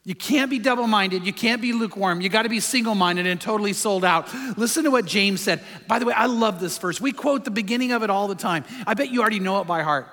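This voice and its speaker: A man's voice: high-pitched, quick pace, few pauses, sharp tone, big-room sound. A man preaching a sermon as a pastor, emphatic and full of rhetorical questions.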